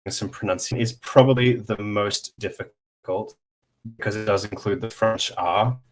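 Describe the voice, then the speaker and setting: A man giving a casual online pronunciation lesson, explaining slowly with many pauses and fillers while sharing his screen. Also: fairly low pitch. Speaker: language teacher.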